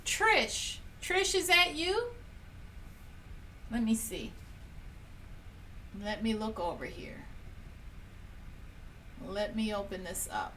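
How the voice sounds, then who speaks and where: A woman hosts a live painting stream, chatting warmly with her viewers and laughing often as she goes. Her voice is high and unhurried. She sits a little back from the mic, with a faint hum of room noise behind her. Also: very animated, distant mic. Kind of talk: casual live-stream chat, running a prize drawing.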